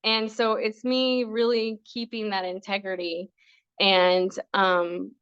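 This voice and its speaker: A middle-aged woman speaks as an interview guest about her coaching, earnest and rambling with plenty of restarts. Her voice sits at an ordinary middle pitch. The recording sounds slightly dull and very dry. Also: flat delivery, slow pace, fairly bright tone, smooth, no echo. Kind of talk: casual interview chat.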